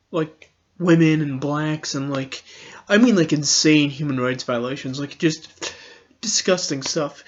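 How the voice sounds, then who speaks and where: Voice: mid-range voice, highs cut off. A podcast host giving a casual political commentary monologue, rambling and sarcastic, often laughing.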